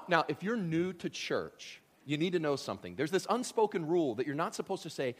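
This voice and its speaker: Animated, high-voiced male pastor preaching. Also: a little fast, hardly any pauses. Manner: animated and joking, swinging from loud to hushed. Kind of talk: sermon.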